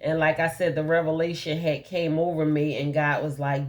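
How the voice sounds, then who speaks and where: Candid woman with a lowish voice. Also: steady tone, moderate pace, hardly any pauses. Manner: candid, rambling, many fillers; laughs often while telling her story. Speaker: motivational speaker. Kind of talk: personal testimony talk.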